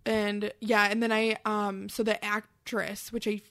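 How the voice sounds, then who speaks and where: A woman's voice: mid-range voice, level tone, a little slow, a bit bright. A woman with a mid-range voice co-hosts a casual podcast. She rambles and uses lots of fillers. She swears now and then. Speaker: podcast co-host. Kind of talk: casual chat.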